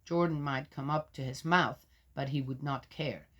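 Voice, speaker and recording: In a muffled recording, a woman with a bass voice reads scripture at a moderate pace with fairly even intonation. She reads loudly, then interrupts herself with skeptical, quarrelsome remarks muttered under her breath.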